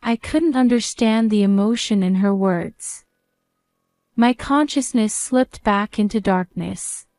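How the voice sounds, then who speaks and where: A woman narrating a first-person story in a calm, even reading voice. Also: medium pitch, takes it slowly, no echo, studio quality.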